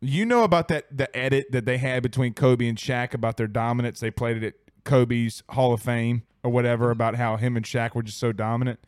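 A man's voice: mid-range voice, fairly even intonation, a little fast, few pauses, smooth, dry recording, studio quality. A man hosting a casual sports talk stream, joking and laughing easily. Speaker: sports show host.

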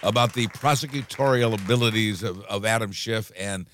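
A man's voice: lowish voice, moderate pace, fairly bright tone, slight background noise. A man commenting on political news in casual talk, hesitant with many restarts and dry wit.

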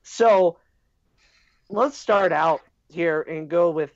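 A man's voice: fairly high pitch, drawn-out words, no echo. A man hosting a casual podcast, joking about himself in a loose chatty way. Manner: self-deprecating, joking. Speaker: podcast host. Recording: dry, dull lo-fi audio.

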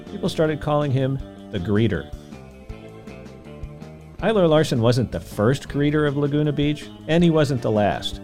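A man hosting a podcast, telling a history story in scripted documentary narration with an expressive delivery. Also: medium pitch. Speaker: podcast host.

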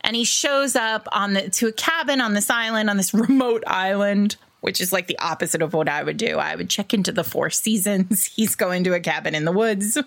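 A woman's voice: mid-range voice, brisk, gravelly, hardly any pauses, fairly bright tone. A woman hosts a casual podcast chat with a loose, rambling delivery. She talks in fits and starts with many fillers. She keeps laughing along with her own story. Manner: rambling, full of "like" and "um", laughs often. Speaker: podcast host.

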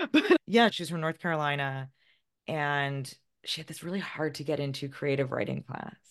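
Speaking at a moderate pace in a low register, a woman in her forties appears as a guest author in a casual interview conversation. She is self-deprecating and laughs frequently.

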